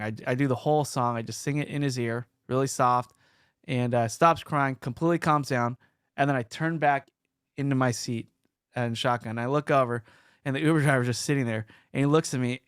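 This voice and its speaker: A man's voice: mid-range voice, clean tone, dry recording, studio quality. A man hosting a podcast, telling stories in casual chat and reading out listener comments. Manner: animated storytelling, reads listener comments. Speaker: podcast host.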